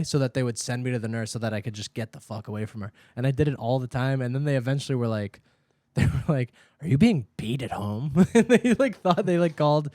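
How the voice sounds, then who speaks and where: A young man telling stories on a podcast. He is animated, swears freely and laughs through his own stories. His voice sits in a middle register and is recorded dry and close. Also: medium pitch, no echo. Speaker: podcast co-host. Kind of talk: casual storytelling chat.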